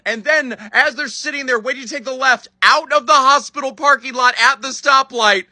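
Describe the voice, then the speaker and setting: A man with a high, piercingly bright voice tells a comedic storytime with playful energy. The sound is close and dry, with no room around it. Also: moderate pace, dry recording. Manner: animated, playful delivery.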